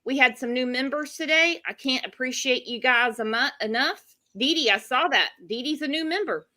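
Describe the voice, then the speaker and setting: Woman live-stream host, high bright voice, casual chat. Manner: chatty, fast asides to chat. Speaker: livestream host.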